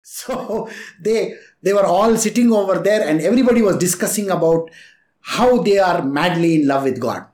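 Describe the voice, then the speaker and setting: A man tells a spiritual story in a relaxed, chatty way, chuckling often and slipping into the voices of the people in it. His pitch rises and falls widely. The sound is echoey, as if in a bare room. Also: normal speed.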